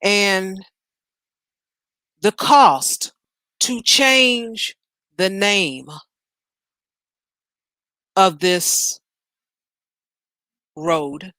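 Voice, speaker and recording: A woman's voice: medium pitch, extremely slow, pauses often, pushed and bright, no room sound. A woman from Chicago hosting a news reaction show from home, ranting bluntly and in exasperation. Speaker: host.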